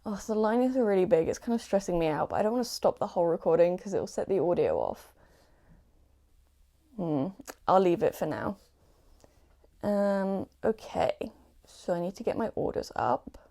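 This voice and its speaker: A woman's voice: lowish voice, animated, moderate pace, creaky, mellow, low-quality recording. Chatty young Englishwoman rambling casually. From England. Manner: chatty and rambling, self-deprecating, frequent fillers. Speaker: small clothing business owner. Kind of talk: casual chat while packing orders. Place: at home, sitting on a squeaky chair. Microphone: new desk mic.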